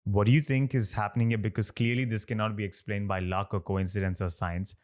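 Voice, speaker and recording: A man hosting a podcast interview, recounting stories and asking questions in a measured way. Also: fairly low pitch, level tone, darkish tone. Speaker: podcast host.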